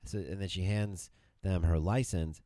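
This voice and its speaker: A man's voice: low voice, fairly even intonation, normal speed, dark tone, no room sound, studio quality. A man co-hosting a casual podcast with his wife, rambling and teasing as he jumps between topics. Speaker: podcast co-host. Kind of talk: casual couple's podcast banter.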